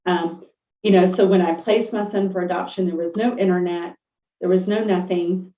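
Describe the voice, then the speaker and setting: Middle-aged woman, podcast guest, heartfelt halting storyteller; warm low voice, recorded distant in a roomy space. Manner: heartfelt, halting, many fillers and restarts. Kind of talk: emotional personal storytelling. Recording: roomy, distant, dull lo-fi audio.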